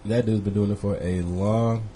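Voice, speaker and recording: A man's voice: on the low side, fairly even intonation, moderate pace, mellow, a little hiss or hum. A male host of a music talk show, reading birthdays and teasing his co-host. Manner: easygoing, teasing. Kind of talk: casual radio show banter.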